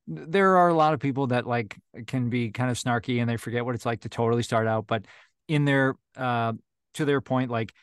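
A man's voice: medium pitch, brisk, clear, resonant tone, dry recording, studio quality. A man who narrates audiobooks, chatting casually as a video call guest, with lots of fillers and restarts. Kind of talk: casual interview chat.

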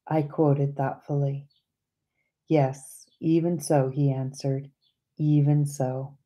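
A woman reading a book aloud as an audiobook narrator, in a gentle, measured way. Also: rumbling low, level tone, lo-fi sound. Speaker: audiobook reader. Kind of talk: scripted narration.

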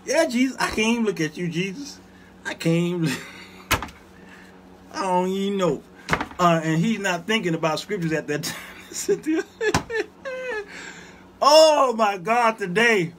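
A man hosts his own show, spinning comic stories for the viewers in the chat. His voice sits high and swoops with lively pitch, and he breaks into laughter and asides often. A faint hiss runs under the talk. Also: measured pace, long pauses. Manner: animated, laughs often, talks back to viewers. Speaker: show host. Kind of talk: comedic storytelling to a live chat.

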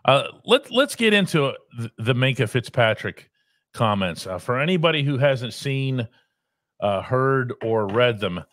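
A sports columnist hosts a talk show, measured and wry as he explains the news. His voice sits at a middle pitch. The recording is dry and close. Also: big pitch swings, fairly bright tone, no echo.

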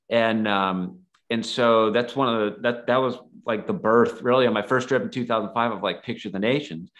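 A man's voice: on the low side, moderate pace, a bit bright. A man guest on a podcast, telling stories in a casual, rambling way full of fillers. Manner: rambling, filler-heavy, acts out quoted dialogue. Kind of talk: casual storytelling.

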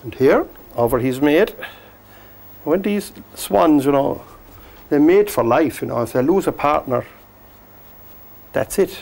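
A man teaching a painting demonstration, gently coaxing the brushstrokes as if talking to the paint. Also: a little high, animated, unhurried, creaky, pauses often. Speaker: painting instructor.

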